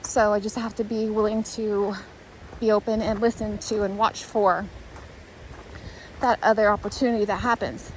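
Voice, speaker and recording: A woman's voice: mid-range voice, flat delivery, normal speed, pauses often, a little hiss or hum, rough recording. A woman talking to the camera while walking a hiking trail outdoors, thinking aloud in an earnest, rambling, reflective way. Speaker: vlogger.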